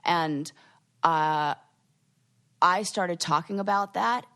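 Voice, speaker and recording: A woman co-hosting a podcast in casual chat, talking in an animated, worked-up way and acting out her own retorts. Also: fairly low pitch, slow. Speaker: podcast co-host.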